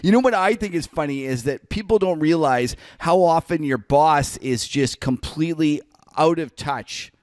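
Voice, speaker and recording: A man's voice: fairly high pitch, moderate pace, hardly any pauses, dry recording, clean studio sound. A man hosting a podcast, chatting in an amused, conversational way. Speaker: podcast host. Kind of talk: casual chat.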